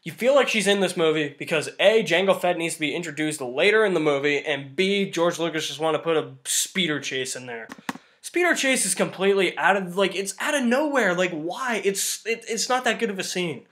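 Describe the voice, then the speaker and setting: A man with a fairly high voice runs through a casual movie review. He sounds exasperated and rants at the plot's flaws. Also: animated, fairly quick, a bit bright. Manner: ranting, exasperated.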